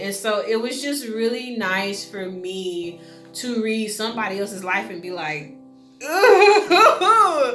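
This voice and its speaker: Chatty young woman in an echoey room. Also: medium pitch. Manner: chatty, laughing, slangy and animated. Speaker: book review vlogger. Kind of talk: casual chat. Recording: echoey room with faint music.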